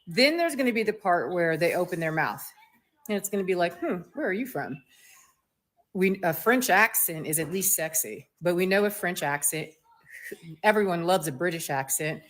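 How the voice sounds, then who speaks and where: A woman from the United States giving a blunt, sassy, slang-filled opinion monologue on her video channel, with quick mocking asides. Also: fairly low pitch, expressive, fairly bright tone. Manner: mocks others with quick voiced asides. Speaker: vlogger.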